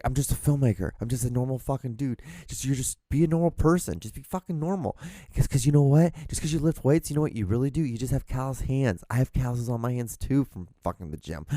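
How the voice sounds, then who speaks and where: A young man rants on his solo podcast, cursing at nearly every turn and briefly mocking people in put-on voices. His tone is dark and mellow, and the recording is dry and close, with no room echo. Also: medium pitch. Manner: swears constantly, mocks people in put-on voices. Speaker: podcast host. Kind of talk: profane ranting monologue. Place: small room.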